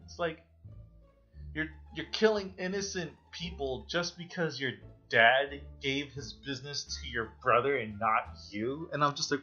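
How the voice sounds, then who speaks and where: A man's voice: mid-range voice, unhurried, pushed and bright. Young man, rambling casual review, blunt and cussing, dull lo-fi sound, faint music behind. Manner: rambling, blunt and profane, with exasperated outbursts. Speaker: online reviewer.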